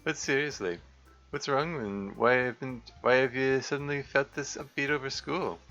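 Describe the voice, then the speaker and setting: A man's voice: medium pitch, normal speed, fairly bright tone, lo-fi sound, soft background music, voice pushed up, lightly acted. A man with an attempted Yorkshire accent voicing a teasing, sarcastic older brother while reading a visual novel aloud.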